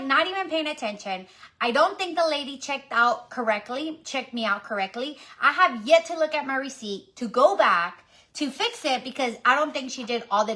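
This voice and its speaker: Middle-aged woman from the Houston area, slightly high voice, chatty and animated, telling a story to live viewers. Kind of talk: casual storytelling.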